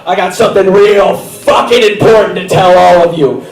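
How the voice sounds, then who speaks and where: A man acting out a manic, swearing schoolteacher on meth who shouts and rants in a frantic rush. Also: high-pitched, normal speed, recorded from a distance, a crowd in the background, pitched above the performer's own voice. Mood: manic ranting. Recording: roomy theater sound from afar.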